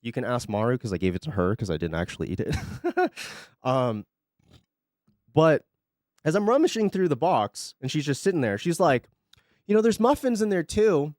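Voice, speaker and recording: A man's voice: medium pitch, big pitch swings, moderate pace, darkish tone, no room sound. A young man chatting on a live stream, rambling, sarcastic and profane, close to a desk mic at home. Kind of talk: casual chat on a live stream.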